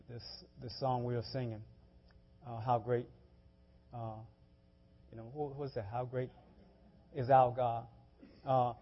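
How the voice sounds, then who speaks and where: A man's voice: on the high side, husky. A man preaching a sermon, talking in a loose, conversational way, often repeating words and restarting. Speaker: pastor. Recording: dull lo-fi church audio.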